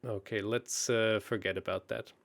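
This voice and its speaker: A man working through chess puzzles aloud as a guest, hesitant and quick to laugh at his own mistakes. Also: fairly low pitch, steady tone, creaky. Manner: calculates aloud, hesitant and self-deprecating. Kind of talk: thinking aloud while solving puzzles.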